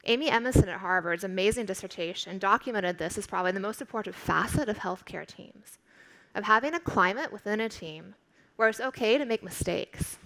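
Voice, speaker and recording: Gravelly-voiced woman giving a keynote. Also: medium pitch, fairly bright tone, rough recording. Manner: clear, instructive, emphatic delivery. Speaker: keynote speaker, professor. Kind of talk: conference keynote speech. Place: large conference stage.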